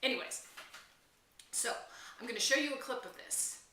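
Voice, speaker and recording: A woman hosting her own film vlog, gushing in an animated, chatty way to the camera. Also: a little high, moderate pace, reverberant, in a whisper, distant mic. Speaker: film vlogger host. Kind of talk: excited casual film chat to camera.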